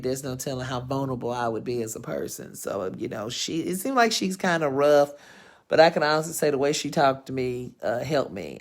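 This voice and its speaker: A woman in her thirties hosting her own live vlog, telling personal stories to viewers in a frank, profane, rambling way. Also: sits low. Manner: frank and profane, rambling with lively swings in emphasis. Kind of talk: casual storytelling to viewers.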